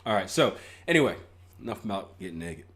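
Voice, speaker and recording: Reading chat comments aloud on his live trading stream, this young host jokes around and laughs at his own lines, often restarting sentences and filling gaps with um. He talks fast in a lowish, sing-song voice that's a bit bright.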